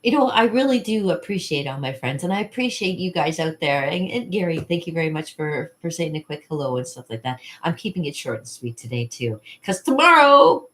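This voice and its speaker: Chatty rambling woman with a lowish voice. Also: fairly quick, few pauses, slight background noise. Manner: rambling and chatty, laughs often, acts out quotes. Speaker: channel host. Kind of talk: casual vlog chat.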